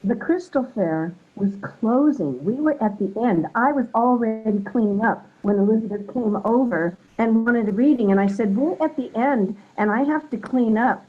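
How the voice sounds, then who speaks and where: A woman who works as a psychic sound healer, adding a quick anecdote while calling in over the phone. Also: a little high, breathy edge. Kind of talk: casual added anecdote. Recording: dull phone line.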